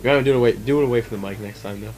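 A man's voice: on the low side, racing, crowd noise. A man co-hosting a video game playthrough, laid-back and casual, talking his partner through the game. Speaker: let's play co-host. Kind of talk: casual gameplay banter.

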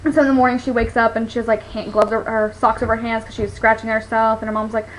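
A young woman chatting about a film, rambling and giggly, jumping into squealed impressions of the characters. She talks quickly in a slightly high voice. A faint hiss of room noise sits under the talk. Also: flat delivery, rough recording. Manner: giggly, rambling, acts out quotes with big swings. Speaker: movie reviewer. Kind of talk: casual chat.

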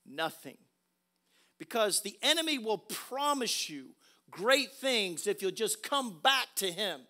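A man preaching a sermon as pastor, emphatic, swinging from quiet asides to loud exclamations. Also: sits high.

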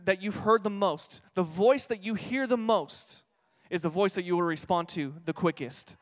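A young adult man preaching a sermon in a church, energetic and humorous, telling stories and repeating his key lines. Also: high-pitched. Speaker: pastor. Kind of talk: sermon with storytelling. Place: church sanctuary. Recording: reverberant church hall.

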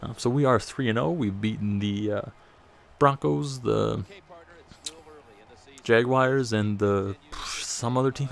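A man's voice: mid-range voice, slow pace, creaky, long pauses. A man casually commenting over his football video game, rambling and self-deprecating, a bit out of breath. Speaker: gaming commentator.

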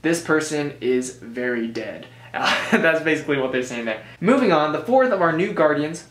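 A man's voice: on the high side, animated, normal speed, hardly any pauses, a bit bright. An American man giving a casual review commentary, rambling with joking asides and frequent self-corrections. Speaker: board game reviewer. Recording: roomy echo.

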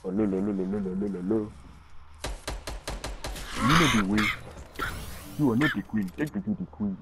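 A man's voice: fairly low pitch, moderate pace, background noise, close to an everyday voice. A young man putting on the voice of a small, pushy meme creature that chants the same phrases over and over. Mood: chanting. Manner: repeats chanted phrases in a thick put-on accent.

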